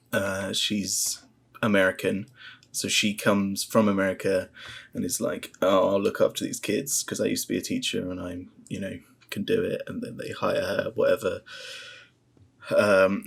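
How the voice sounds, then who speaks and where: A man's voice: fairly low pitch, gravelly, breathy edge. A man, bluntly ranting and swearing as he reviews a show in casual chat. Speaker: podcast co-host reviewing a show.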